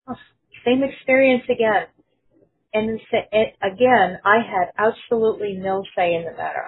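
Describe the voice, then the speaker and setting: A woman sharing a personal testimony in an earnest storytelling manner, quoting others in her own voice. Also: medium pitch. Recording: phone-like narrow sound.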